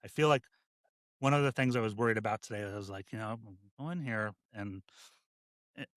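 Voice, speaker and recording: A man who is a deputy fire chief, a guest on a podcast, speaking in a halting, reflective way with many restarts. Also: fairly low pitch, fairly bright tone, no room sound, clean studio sound. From United States. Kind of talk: casual podcast conversation.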